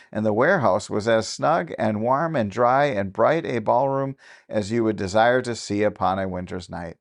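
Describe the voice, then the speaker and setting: Man narrating a classic tale. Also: mid-range voice. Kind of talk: audiobook reading of a classic novel.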